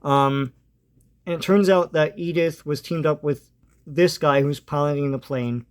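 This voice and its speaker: A man's voice: medium pitch, clear, resonant tone. A man casually retelling a comic book story, hesitant and full of ums and uhs. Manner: hesitant, lots of ums and uhs, chuckles now and then.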